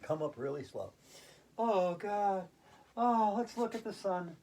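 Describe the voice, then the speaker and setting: Giggly woman leading slow silly yoga. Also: mid-range voice, animated, dark tone. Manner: giggly, laughs through the poses. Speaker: yoga video host. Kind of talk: playful yoga routine.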